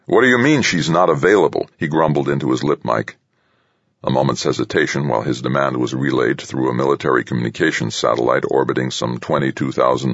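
A man narrating a thriller audiobook in a steady, measured way. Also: very deep voice, creaky, breathy edge, no echo, lo-fi sound. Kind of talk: scripted narration.

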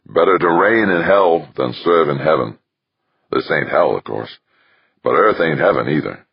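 A sly, blunt smuggler, put on by a male narrator. The voice is extremely deep and husky, with a gravelly edge. The recording is dry and dull. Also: expressive, moderate pace, no room sound, full character voice. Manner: blunt, slangy, knowing.

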